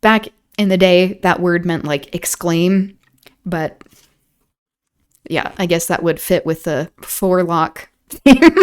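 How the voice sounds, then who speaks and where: A woman's voice: fairly low pitch, lively intonation, slow, long pauses, clean tone. Woman reading aloud with chatty asides. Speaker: streamer reading a novel aloud.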